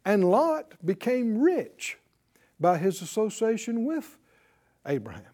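High-voiced preacher. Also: male voice, sing-song, mellow. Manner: call-and-response preaching, drawn-out emphatic phrases. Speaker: pastor. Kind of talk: sermon to a live congregation.

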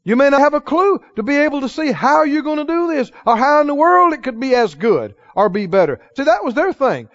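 A man preaching a sermon in church, emphatic, drawing call-and-response from the congregation and slowing down to stress key phrases. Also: very high voice, lively intonation, dull audio. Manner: slows for key phrases, acts out dialogue in quoted voices. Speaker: pastor.

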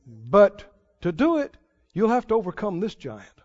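Preacher, male, very high voice, slow deliberate delivery, dull lo-fi sound. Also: wildly swooping pitch, big-room sound. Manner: preaching with dramatic swings between loud and hushed. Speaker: pastor. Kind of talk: sermon. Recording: dull lo-fi sermon recording.

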